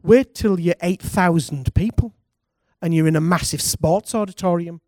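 A man, a pastor, preaching a lively sermon and calling on the congregation to respond. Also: sits high, moderate pace, no room sound, clean studio sound. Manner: animated preaching, calls for congregation responses, laughs.

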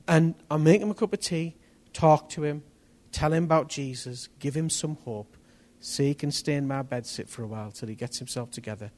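A man preaching a testimony sermon, telling his story in an animated way that rises to near-shouts at the tense moments. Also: on the high side, a little fast.

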